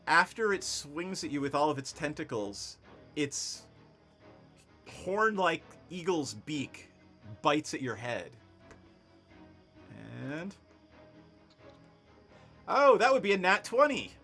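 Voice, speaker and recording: This game master has a high-ish, sharp voice with big pitch swings, talking slowly with long pauses as he narrates a tabletop game. Over an online voice chat microphone he stays easygoing and laughs often with the players, with soft background music.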